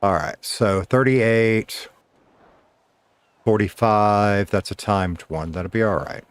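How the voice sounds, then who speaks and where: A man's voice: lowish voice, slow pace, clean tone, no echo. A middle-aged man, a former radio DJ, casually chatting with viewers while streaming a game, laid-back and swearing now and then.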